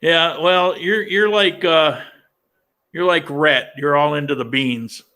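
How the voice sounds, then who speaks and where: A man hosts a relaxed chat, ribbing his guest and laughing along. His voice sits a little high, with a bright, tense tone and a gravelly fry underneath. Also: slow. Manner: teasing, laughs often. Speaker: host. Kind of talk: casual chat.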